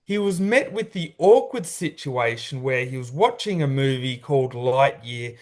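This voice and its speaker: A man's voice: mid-range voice, expressive, normal speed. An Australian man co-hosting a sports podcast, ranting bluntly and swearing in casual banter. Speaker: podcast co-host.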